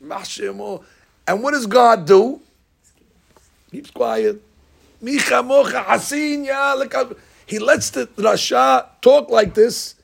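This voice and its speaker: A man teaching a Talmud class, telling stories in an animated way and acting out the lines. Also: extremely high pitch, slow, gravelly, slightly rough. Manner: animated storyteller, acting out lines with rising shouts. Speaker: Torah teacher.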